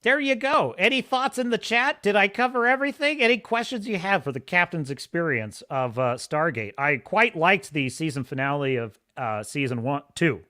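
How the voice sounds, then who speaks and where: A man's voice: on the high side, lively intonation, normal speed, few pauses, pushed and bright. A man hosting a livestream podcast, chatting casually and enthusiastically, rambling and laughing often. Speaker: podcast host.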